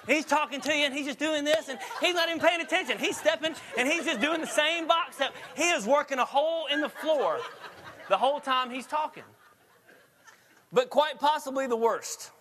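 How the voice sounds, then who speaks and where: A man's voice: extremely high pitch, normal speed, pushed and bright, a little hiss or hum. A man preaching a sermon in a chatty storytelling way, laughing often as he tells stories. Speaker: pastor.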